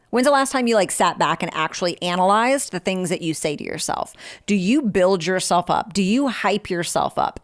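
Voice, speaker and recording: A woman hosts a motivational podcast. She speaks in a direct, frank coaching manner and keeps it informal, addressing listeners like friends. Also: mid-range voice. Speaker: podcast host.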